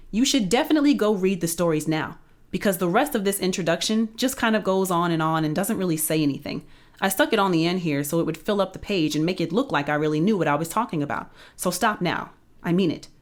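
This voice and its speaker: A woman reading a children's picture book aloud in a playful, expressive storytelling voice. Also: fairly low pitch, brisk.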